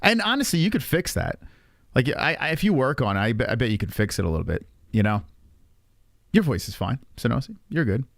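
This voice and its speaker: A man's voice: medium pitch, very animated, a little fast, vocal fry, dry recording, clean studio sound. A man streaming and reacting to videos in casual chat, blunt and swearing often as he talks to his viewers.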